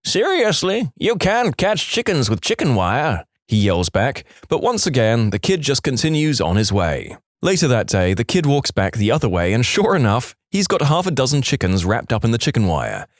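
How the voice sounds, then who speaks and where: A man telling jokes in a very lively, swooping voice, jumping in and out of the characters. The sound is dry and close to the mic. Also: mid-range voice, moderate pace, few pauses, no room sound. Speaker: joke storyteller. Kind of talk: reading jokes aloud.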